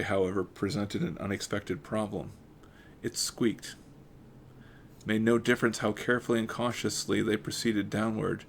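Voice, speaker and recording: A man reading a mystery novel aloud at an even pace, with occasional stumbles and self-corrections and casual asides. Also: on the low side, creaky, slight background noise. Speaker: audiobook reader.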